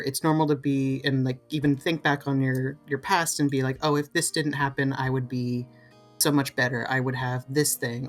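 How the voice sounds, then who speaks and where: A podcast co-host in a casual discussion, thinking out loud and halting often with fillers. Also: medium pitch. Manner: thoughtful, rambling, halting with many fillers.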